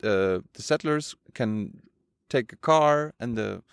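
A man conducts an interview, pressing his guest with pointed questions in a casual, searching way. His voice sits at a middle pitch, recorded close and dry. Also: animated, slow pace, creaky, clear, resonant tone, no room sound. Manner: probing, challenging questions. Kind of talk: conversational interview.

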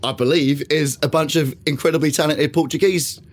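A man's voice: fairly high pitch, steady tone, fairly quick. A man hosting a casual football chat in a studio, joking, laughing often and putting questions to his panel. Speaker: podcast host.

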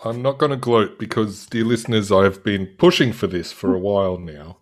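A man's voice: fairly low pitch, moderate pace. A man co-hosting a casual podcast, joking and teasing his co-host.

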